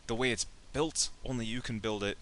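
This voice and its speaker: A man's voice: medium pitch, a little fast, a bit bright, slight background noise. A young man teaching a casual, joking lecture on science and engineering, acting out imagined speakers with playful asides.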